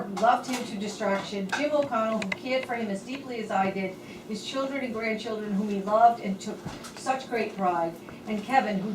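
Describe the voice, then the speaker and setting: Woman, heartfelt eulogy reader; distant mic, echoey hall, audible hiss. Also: fairly high pitch. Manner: measured, earnest and heartfelt. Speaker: speaker reading a tribute at a memorial. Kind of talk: reading a written eulogy.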